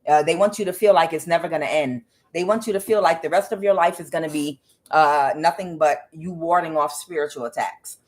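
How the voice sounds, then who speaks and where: Low-voiced woman giving an emphatic tarot reading. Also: brisk, a little mellow. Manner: emphatic, preachy, blunt with swearing. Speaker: tarot reader. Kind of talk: casual spiritual reading.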